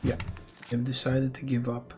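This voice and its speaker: A man's voice: medium pitch, monotone, normal speed, warm tone, soft background music. A man giving casual commentary while playing a game, muttering to himself with wry remarks and the odd swear. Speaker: let's play host.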